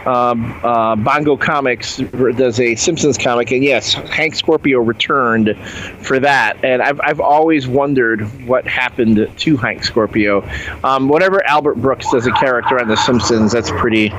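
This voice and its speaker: A man's voice: medium pitch, normal speed, fairly bright tone, dull audio, a little hiss or hum. A man in casual chat about TV, wry and rambling, with some fillers.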